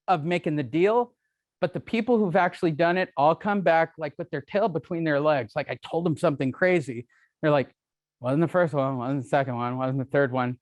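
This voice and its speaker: A man's voice: fairly high pitch, no room sound. A middle-aged man giving a live seminar talk to a room, brash, joking and self-deprecating. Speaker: real estate speaker. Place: meeting room with audience.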